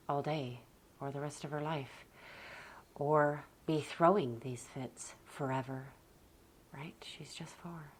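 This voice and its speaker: A young woman speaks to her viewers in a very low, hushed voice, slow and deliberate, sometimes sinking nearly to a whisper. Her manner is gentle and reflective, and a faint hum of room ambience sits behind her. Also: fairly even intonation. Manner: soft, slow and gentle, often near a whisper. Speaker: parenting vlogger. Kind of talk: calm reflective talk to camera.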